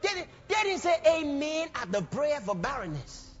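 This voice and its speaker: A man preaching a sermon in an animated way, breaking into shouts and laughter. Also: very high voice, normal speed. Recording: dull lo-fi sermon recording with faint music.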